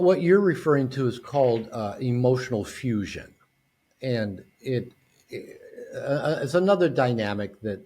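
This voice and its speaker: A man speaking as a guest expert in an interview, animated and prone to restarting his sentences. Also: on the low side, slightly rough. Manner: animated, acts out quoted dialogue, frequent restarts. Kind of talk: conversational interview.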